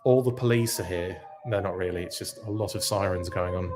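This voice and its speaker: A man's voice: sits low, fairly quick, heavy background noise. A man hosting a live podcast stream, chatting casually and reading out viewer comments in a rambling, self-interrupting way. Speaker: podcast host reacting live.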